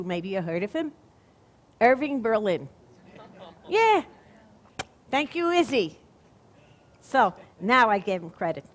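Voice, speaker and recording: Chatty Brooklyn comedienne, stage monologue, played by an actress; pitched a bit high. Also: female voice. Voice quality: chatty, wisecracking storyteller. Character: Fanny Brice, wisecracking female stage comedienne. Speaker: stage performer. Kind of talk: one-woman stage monologue. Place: theater stage.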